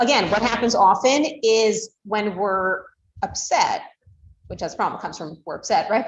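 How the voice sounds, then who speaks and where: In a classroom lecture, a medium-pitched woman explains her points with plenty of "you know" fillers and acted-out tones of voice. The recording has a roomy echo with the highs cut off.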